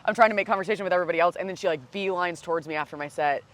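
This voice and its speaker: A woman in her thirties, a comedian guest telling stories in casual podcast chat, animated, laughing often and swearing freely. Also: fairly low pitch, rapid-fire, no echo. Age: 30s.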